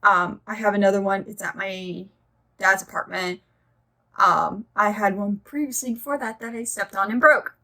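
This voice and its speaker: A woman's voice: mid-range voice, steady tone, moderate pace, bright, forceful tone. A young woman chatting casually as she reviews her nail polish collection, gushing and rambling into side stories.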